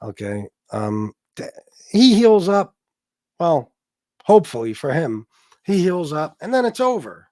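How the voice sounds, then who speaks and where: A man's voice: a little high, very animated, a little slow, warm tone, dry recording. A man hosting a livestream, ranting casually in a profane, boastful, taunting way. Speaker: livestream host.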